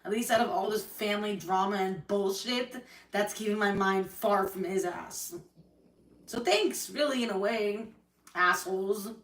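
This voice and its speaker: A woman's voice: medium pitch, fairly even intonation, normal speed, fairly bright tone, recorded from a distance. Angry woman ranting on a livestream. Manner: angry, hurt, swearing, venting at family. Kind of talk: emotional livestream rant. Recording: echoey room, voice from the mic.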